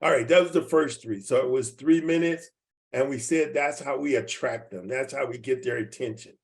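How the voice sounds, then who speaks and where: A man in his seventies, mid-range voice, talking at normal speed while leading a team training by video. He's folksy, repeats things, and keeps asking his audience if they're following along.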